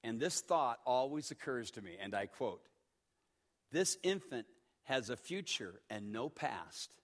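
A dying old doctor murmurs slowly in a deep, hushed voice, a man acting him out. He sounds grave and earnest. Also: animated. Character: dying older male doctor, quiet and earnest.

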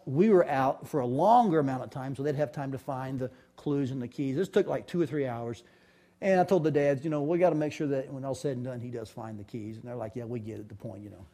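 A man's voice: fairly high pitch, dark tone. A middle-aged man telling family stories to an audience in a candid, folksy, chatty way. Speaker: father giving a talk. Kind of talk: storytelling talk.

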